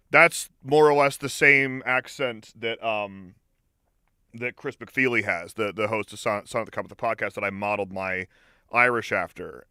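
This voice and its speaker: Guy streaming a game, chatty and rambling, swears a lot, bright dry voice. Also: fairly low pitch, clean tone, dry recording. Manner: rambling, profane, many restarts. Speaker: voice actor and streamer. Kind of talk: casual gaming stream chat.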